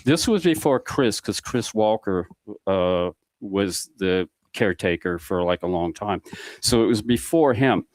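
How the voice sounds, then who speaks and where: A low-pitched man spins a long, rambling story on a podcast, slipping into the voices of the people he met. The sound is dry and close, with no room around it. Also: lively intonation, a little slow, darkish tone, no echo. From Mississippi Gulf Coast. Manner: rambling anecdotal storyteller acting out dialogue. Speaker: podcast guest. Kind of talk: casual storytelling.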